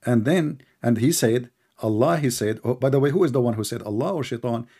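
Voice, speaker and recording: A man with an Arabic accent hosting a heated online debate, mocking and interrupting, speaking slowly and deliberately. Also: mid-range voice, dark tone, slightly rough. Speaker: debate host.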